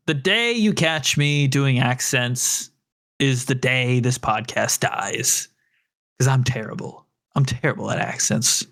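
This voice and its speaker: Lively laughing male podcast co-host. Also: medium pitch, gravelly. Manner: animated, laughs often, self-deprecating. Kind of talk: casual chat.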